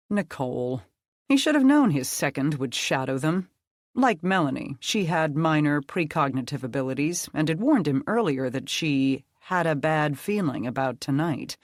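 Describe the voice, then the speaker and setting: Audiobook narrator, dark fantasy reading, measured, middle pitch, dry close mic. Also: no room sound.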